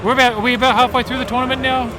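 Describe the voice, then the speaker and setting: A man's voice: very high voice, flat delivery, rapid-fire, over music, crowd noise. Upbeat man commentating live. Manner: upbeat, chatty, laughs often. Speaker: stream commentator. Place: gaming tournament venue. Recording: noisy event room.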